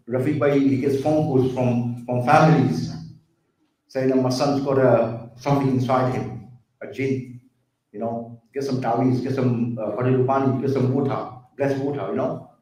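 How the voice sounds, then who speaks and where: Speaking earnestly about drug addiction to a community audience, a man with a medium-pitched, slightly mellow voice addresses them as brothers and sisters and repeats his points. The hall is very echoey and the mic sits far away.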